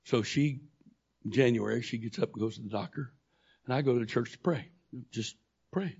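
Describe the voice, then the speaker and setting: A male pastor telling a personal testimony in a sermon, animated, acting out the dialogue as he goes. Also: medium pitch, moderate pace. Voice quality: gravelly, husky. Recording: dull lo-fi recording.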